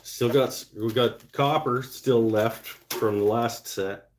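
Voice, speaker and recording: A man hosts a relaxed live stream from his home workshop, speaking slowly and thinking aloud. He reads out viewer comments and mutters to himself as he works. His voice sits at an ordinary middle pitch, with a faint hum of noise behind him. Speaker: woodturning livestream host.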